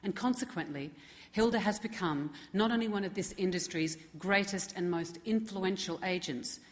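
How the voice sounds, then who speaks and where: A woman's voice: mid-range voice, normal speed. A middle-aged woman presenting an award, giving a tribute speech with wry, self-deprecating asides at a podium microphone. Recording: long hall reverb.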